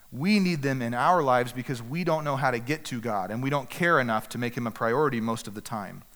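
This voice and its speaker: A man preaching a sermon as pastor, animated, acting out quoted prayers with big swings in volume. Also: medium pitch. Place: church hall. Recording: long reverb of a church hall.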